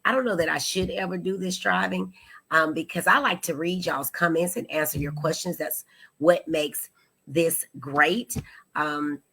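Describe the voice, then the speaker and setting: Woman host of a live show, low and raspy, upbeat and chatty with viewers. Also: a little slow. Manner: animated, chatty, greeting viewers. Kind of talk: live-stream talk show. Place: studio.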